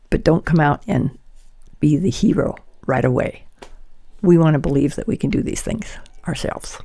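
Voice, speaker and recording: An older woman hosting a candid podcast, talking earnestly in a halting way with frequent restarts. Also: deep voice, creaky, dark tone. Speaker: podcast host.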